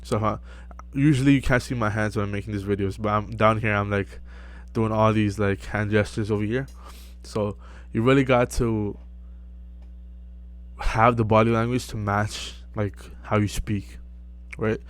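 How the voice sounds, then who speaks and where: A young man giving casual self-improvement advice to camera, relaxed and full of fillers, often checking in with "right?". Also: lowish voice, normal speed. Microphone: close mic.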